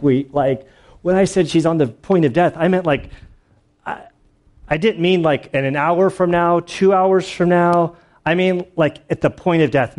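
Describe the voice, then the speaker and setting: A man's voice: fairly high pitch, a little mellow. A man teaching through a Bible passage in a casual, rambling way, full of filler words, restarts and the occasional laugh. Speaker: pastor.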